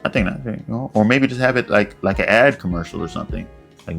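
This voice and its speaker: A man's voice: on the low side, brisk, vocal fry, faint music behind. A man hosting a casual commentary vlog, rambling and joking in a self-deprecating way. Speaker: commentary channel host.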